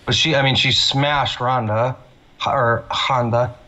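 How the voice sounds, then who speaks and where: A man's voice: medium pitch, fairly even intonation, slow, sharp tone. A man guesting on a sports podcast, talking through fight analysis in a rambling, hesitant way with many fillers.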